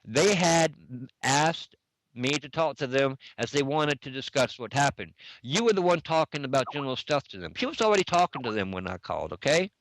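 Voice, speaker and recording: In a dry, poor-quality recording, a middle-aged man with an animated, mid-range, somewhat bright voice recounts a dispute from an online game, speaking fairly quickly. He reads back the chat messages casually and repeats "I said" again and again.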